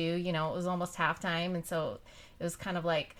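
A woman from Utah in the United States, a podcast host and youth soccer coach, chats casually in an interview, telling rambling stories and laughing often. Her voice is lowish and fairly flat in pitch, and a little fast.

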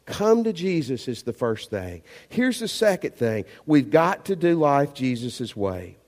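A man preaching a sermon as pastor, emphatic and animated, asking the congregation rhetorical questions. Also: on the high side, unhurried, hardly any pauses, in a large hall.

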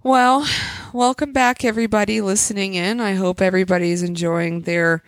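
A woman's voice: medium pitch, steady tone, moderate pace, no echo. A woman co-hosting a casual podcast, chatty and playful, drawing out her intros. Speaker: podcast co-host. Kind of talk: casual chat.

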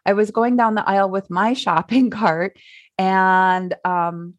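With her high frequencies cut off, this middle-aged Minnesotan podcast host speaks unhurriedly in a medium-pitched, steady voice. Her solo show is casual and thoughtful, full of fillers and little laughs in her regional accent.

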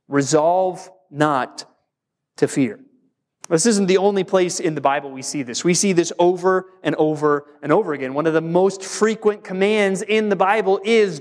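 A male pastor delivering a sermon in a slightly higher voice. He is emphatic and drags out key words for weight, with a quick, conversational pace between them.

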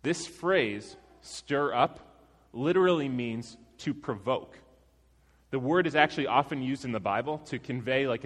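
A male preacher tells his story like a chat with friends, relaxed and self-deprecating, before he turns to the text. His voice sits in a middle pitch. A long reverb from a large church hall trails behind every line. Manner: conversational, self-deprecating, with laughs. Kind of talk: sermon with personal story.

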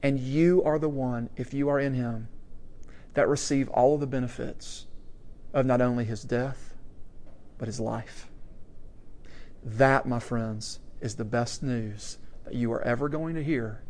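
A man's voice: medium pitch, steady tone, measured pace, long pauses. Man preaching a story-driven sermon. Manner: storytelling with asides to the audience, swings from hushed to loud.

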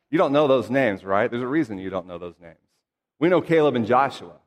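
A man's voice: mid-range voice, expressive, brisk, long reverb tail. A man reading scripture aloud and then preaching in an earnest, conversational way with emphatic asides. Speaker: pastor.

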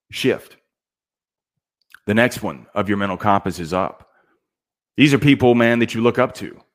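A middle-aged man hosting a podcast, giving a casual motivational talk that keeps dropping "man" as he goes. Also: medium pitch. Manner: casual, animated, says "man" often. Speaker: podcast host.

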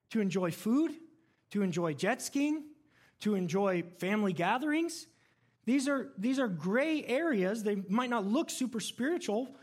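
A male pastor giving a sermon in a conversational, animated way, telling stories and laughing along the way. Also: extremely high pitch.

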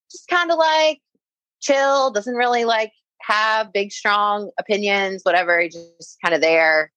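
A young woman recounts a personal story in casual conversation, her voice a little low and recorded dry and close. She leans on "like" constantly and acts out what people said to her. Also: fairly bright tone, no room sound, rough recording. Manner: frequent "like" fillers, quoting herself and others. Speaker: guest telling a personal story.

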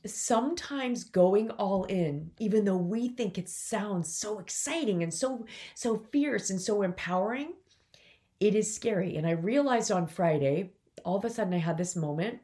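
This woman's mid-range voice is expressive and mellow, at a normal speed. A business coach in her forties, she hosts her own podcast and gets candid and emotional in a personal solo segment, near tears and fighting them back.

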